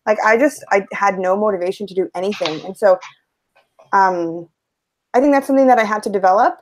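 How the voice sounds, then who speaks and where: A woman's voice: medium pitch, brisk, a little hiss or hum. A woman in her twenties speaking hesitantly in a casual panel discussion. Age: 20s. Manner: hesitant, soft-spoken, with fillers.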